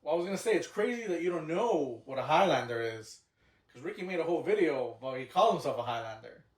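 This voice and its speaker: A man's voice: fairly high pitch, very animated, fast talker, far from the mic. A man co-hosting a casual podcast, telling rambling, self-deprecating stories. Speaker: podcast co-host. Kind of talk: casual chat. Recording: echoey room, off-mic.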